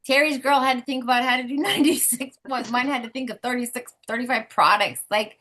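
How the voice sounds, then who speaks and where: A woman with a slightly high voice leads a sales team call, pushing them with blunt, animated emphasis. She talks in a direct, coaching way. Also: quick pace.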